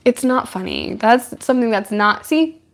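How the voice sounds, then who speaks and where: A woman's voice: a little high, animated, normal speed, vocal fry. Woman, livestream host, casual chat, chatty, frequent laughter. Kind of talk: casual live chat with viewers.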